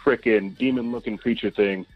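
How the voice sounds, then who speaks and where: A man's voice: on the low side, fairly even intonation, moderate pace, slightly rough, no echo. A man in casual podcast chat, talking emphatically and repeating his points. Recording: muffled lo-fi podcast audio, faint music.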